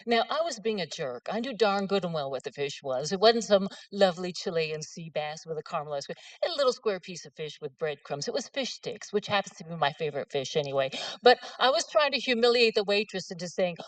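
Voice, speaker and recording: A woman's voice: lowish voice, animated, fairly quick, few pauses, dry recording, far from the mic. Middle-aged woman, author at a lectern, folksy and self-mocking, voice dry and a bit off-mic. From West Virginia. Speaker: author giving a talk. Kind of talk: humorous storytelling talk.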